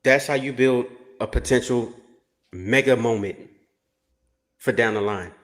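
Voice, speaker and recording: A man's voice: medium pitch, measured pace. A man co-hosting a podcast in casual chat, easygoing and often checking in with "you know what I mean". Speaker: podcast co-host.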